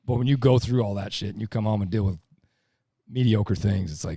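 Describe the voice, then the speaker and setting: A man's voice: on the low side, a little fast, mellow, husky, dry recording, clean studio sound. A middle-aged man talking casually on a podcast, blunt, profane and emphatic. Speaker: podcast guest, lineman.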